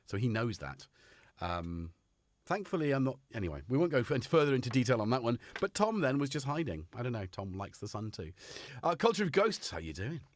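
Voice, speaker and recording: British male stream host, middle pitch, lively and jokey, dry close mic. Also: a little fast, no echo. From United Kingdom. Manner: chatty and jokey, greets viewers by name. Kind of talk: casual live-stream chat. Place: home studio. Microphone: headphones on, studio mic.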